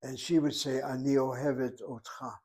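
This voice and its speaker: A man's voice: medium pitch, level tone, normal speed, darkish tone. A man teaching a Hebrew class, explaining words and grammar step by step. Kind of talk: classroom lecture.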